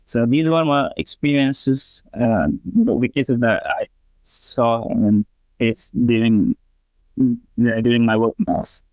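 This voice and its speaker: A man working as a veterinarian, answering in in a slow, earnest way with many pauses. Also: medium pitch, darkish tone, no room sound. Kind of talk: interview answer.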